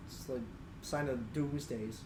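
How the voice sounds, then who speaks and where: A young man co-hosting a sports podcast, talking in a relaxed, playful, easygoing way. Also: mid-range voice, a little slow, echoey room, noisy background. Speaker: podcast co-host. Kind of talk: casual sports chat.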